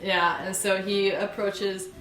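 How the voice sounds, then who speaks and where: A woman's voice: mid-range voice, level tone, slow pace. A woman narrating a tabletop game as game master, chatty and loose, with many fillers. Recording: roomy room with music behind.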